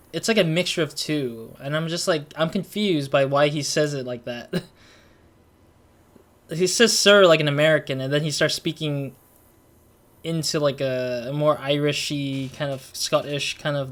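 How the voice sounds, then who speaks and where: Excitable young man commenting on a game. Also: fairly high pitch, moderate pace. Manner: excitable, rambling, many likes. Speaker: gaming channel host. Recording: noisy home recording with game audio behind.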